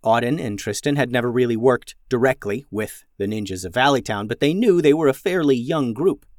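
A man hosting a children's podcast and narrating a story in a lively, expressive way. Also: medium pitch, a little fast, no echo, clean studio sound.

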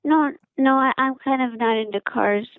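Woman on the phone, stammering and flustered, highish voice, tinny phone-line sound. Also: moderate pace, dry recording. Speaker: caller on the phone. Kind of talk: improvised comedy phone call.

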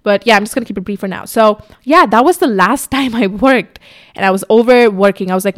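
This young woman talks briskly at a medium pitch while hosting a casual podcast. A camera on a tripod in front of her records as she candidly recounts her own experiences, cursing freely and acting out her own lines.

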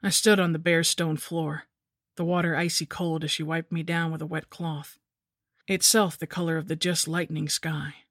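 Woman, scripted horror narration, measured, somber, dry close mic. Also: low-pitched, flat delivery, dry recording.

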